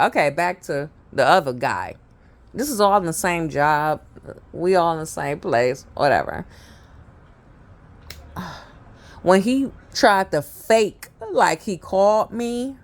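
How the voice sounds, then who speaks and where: A woman's voice: on the low side, big pitch swings, measured pace, vocal fry. A woman vlogger telling a personal story to her viewers, chatty and laughing often, with many fillers and asides. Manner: addresses viewers directly. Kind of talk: storytelling monologue.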